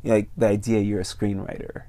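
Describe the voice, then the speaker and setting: A man's voice: fairly low pitch, little pitch movement, fairly quick, dark tone. A man co-hosting a casual chat, full of fillers, trailing off and swearing casually. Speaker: podcast co-host.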